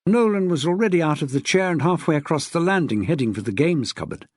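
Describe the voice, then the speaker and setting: A man narrating an audiobook in an expressive way, shifting his pitch for the characters. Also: fast, dry recording, clean studio sound. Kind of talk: scripted narration.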